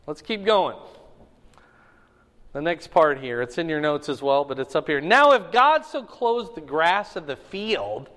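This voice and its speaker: Male pastor, unhurried sermon delivery with rhetorical questions, high-pitched voice, recorded in an echoing church hall. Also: big pitch swings, fairly bright tone. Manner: reads scripture with rising emphasis, then explains casually; asks the audience rhetorical questions.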